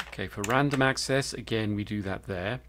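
A man's voice: fairly low pitch, brisk, fairly bright tone, slight background noise. A man giving live coding commentary as a programmer, thinking aloud and hesitating with fillers.

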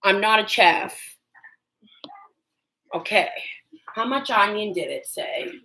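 A woman's voice: medium pitch, slow pace, sharp tone, rough recording. A woman chatting casually on a livestream while she cooks in her home kitchen, nervous and self-deprecating, with sudden yelps. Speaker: livestream cooking host.

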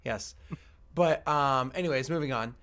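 A man's voice: mid-range voice, a little slow, fairly bright tone. A man narrating as game master of a tabletop game, loose and rambling with many fillers.

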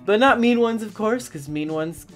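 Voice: mid-range voice, normal speed, faint music behind. Theatrical gamer narrating a let's-play. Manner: theatrical and expressive, talking straight to viewers. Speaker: gaming channel host. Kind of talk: casual let's-play commentary to viewers.

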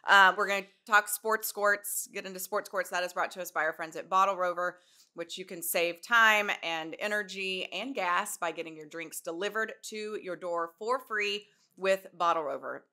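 A woman in her forties hosting a podcast, chatting casually and telling animated stories, swearing now and then. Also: mid-range voice, normal speed. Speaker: podcast host. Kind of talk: casual chat.

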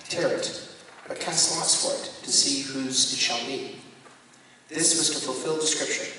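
Male priest, scripture reading, bright forceful tone, measured delivery, distant from the mic, long echoing hall. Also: medium pitch. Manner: measured, deliberate reading with occasional self-corrections. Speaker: Catholic priest leading a Bible study. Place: parish hall or church room. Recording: echoey hall, voice from far off, faint room noise.

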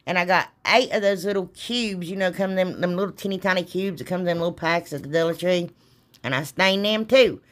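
A middle-aged woman, hosting a craft channel and chatting in a rambling, folksy way, talking straight to her viewers. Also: lowish voice. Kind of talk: casual chatty craft tutorial.

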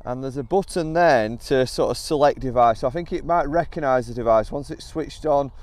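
Filmed on a phone at an outdoor range, a golf vlogger chats candidly to camera while walking viewers through setting up a golf gadget. His medium-pitched voice is a little fast and a little mellow, with no echo.

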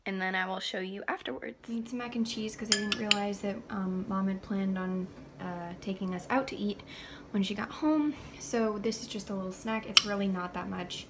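A woman's voice: mid-range voice, fairly even intonation, moderate pace, few pauses, heavy background noise. A young woman in her late teens vlogging casually at home, talking nervously and chattily with lots of fillers. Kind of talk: casual vlog talk to camera.

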